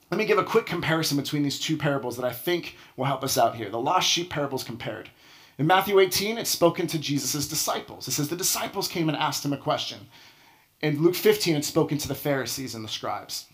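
A man's voice: fairly high pitch, a bit bright. A man preaching a sermon in a conversational, dramatic way, often dropping to a near-whisper for emphasis. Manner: conversational, with frequent restarts and movie examples. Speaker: pastor.

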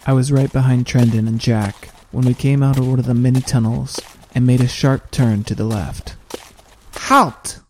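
A man narrates a fantasy audiobook in a steady, measured first-person reading. His voice is mellow and dark in tone, sitting at an ordinary pitch, with a faint background hiss.

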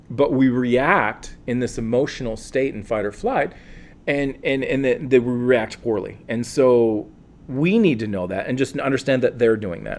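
A man, a counselor, answering interview questions in a calm, earnest and reflective way, with many fillers and restarts. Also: medium pitch. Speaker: guest, counselor.

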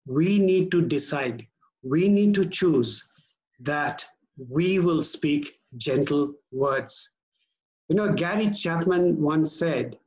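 Male pastor, slightly high voice, deliberate unhurried sermon delivery, earnest emphasis. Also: lively intonation, darkish tone, poor audio. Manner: measured, earnest preaching with slow emphatic stresses.

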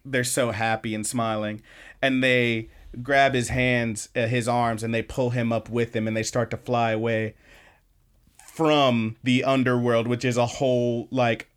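A podcast co-host recaps episodes in an enthusiastic, casual chat, his medium-pitched voice fairly even in pitch and a little slow. He rambles with plenty of "like"s and restarts, and the tone is clean.

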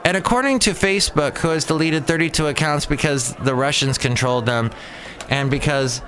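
A man's voice: a little high, brisk, fairly bright tone. Sarcastic rambling man host. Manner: rambling, sarcastic, jumps between topics. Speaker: podcast host. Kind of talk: casual solo talk.

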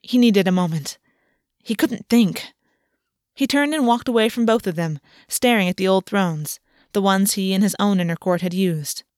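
Woman narrating a fae story, calm even read, dry voice, no room sound. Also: mid-range voice, moderate pace, no echo. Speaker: audiobook narrator. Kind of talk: scripted narration.

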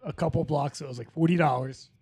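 Man, slightly high voice, casual, short remarks, dry sound. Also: fairly even intonation, fast talker, mellow, breathy edge, no room sound. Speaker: podcast co-host and band member. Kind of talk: casual chat.

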